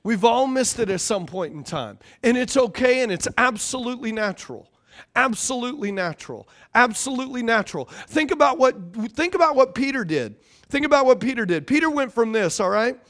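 A male pastor with a high, light voice delivers a sermon. He preaches in a casual, animated way and keeps repeating key phrases for emphasis. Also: fairly quick.

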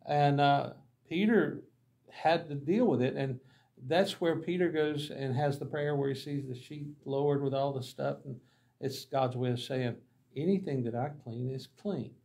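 A pastor teaching a Bible class tells folksy, humorous mission stories and acts out the dialogue. His mid-range voice is gravelly and mellow, and he speaks at a measured pace.

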